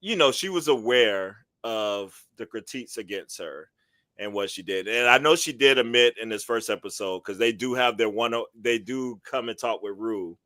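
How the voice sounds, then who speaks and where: A man's voice: mid-range voice, moderate pace, pushed and bright, dry recording, clean studio sound. A man co-hosting a podcast, chatting casually and rambling with fillers as he recaps episodes. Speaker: podcast co-host.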